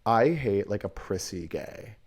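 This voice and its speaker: A young man co-hosting a podcast, talking in a sassy, animated way, swearing freely and calling people mama and girl. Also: on the low side, unhurried, breathy edge. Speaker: podcast co-host. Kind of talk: casual chat.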